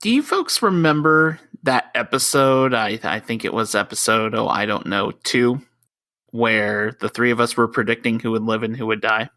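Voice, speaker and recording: A podcast co-host in casual chat, playful and quick to pitch new ideas. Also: pushed and bright, dry recording, studio quality.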